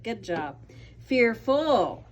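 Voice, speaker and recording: A woman's voice: fairly high pitch, very animated, drawn-out words. A young woman teaching a class of children, patient and encouraging, calling on pupils by name. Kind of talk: classroom vocabulary lesson.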